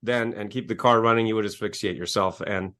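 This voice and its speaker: A man's voice: fairly low pitch, fairly even intonation, brisk, fairly bright tone. A man, a guest telling a personal story in a conversational interview, earnest and emphatic, often repeating his words. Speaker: guest, coach and author.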